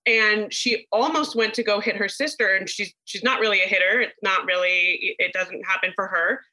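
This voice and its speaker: Bright, enthusiastic woman parenting expert. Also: medium pitch, steady tone, normal speed, rough recording. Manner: emphatic, enthusiastic. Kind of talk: casual podcast chat.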